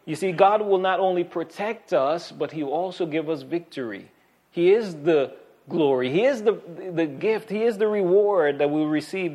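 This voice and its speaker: Earnest man preaching a sermon. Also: a little high. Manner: earnest preaching with fillers and quoted scripture; drops to a soft hush on key points. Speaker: pastor.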